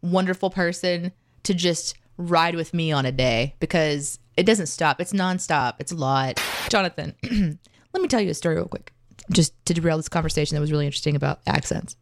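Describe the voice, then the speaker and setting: Playful woman chatting, low voice. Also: brisk, dry recording, clean studio sound. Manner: playful, animated storyteller. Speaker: podcast co-host. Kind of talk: casual chat.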